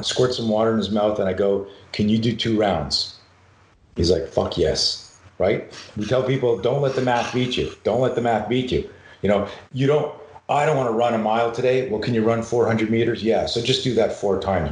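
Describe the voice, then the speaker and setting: A man's voice: mid-range voice, darkish tone. A middle-aged man, a self-defense coach, telling a story on a podcast and acting out the dialogue, swearing freely. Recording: roomy echo.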